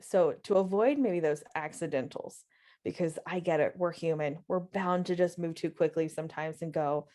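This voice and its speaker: A woman teaching software on a live webinar, explaining steps in a friendly way and stressing key words. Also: low-pitched, moderate pace. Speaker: software trainer.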